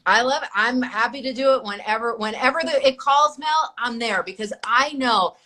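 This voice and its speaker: A woman guest speaking warmly and heartfelt in a casual, somewhat rambling conversation. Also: fairly high pitch, moderate pace.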